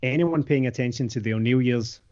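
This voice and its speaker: A man's voice: medium pitch, a little fast, a little mellow, lo-fi sound. A man co-hosting a live fan stream, running the quiz, chuckling and restarting his sentences. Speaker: podcast co-host, quizmaster.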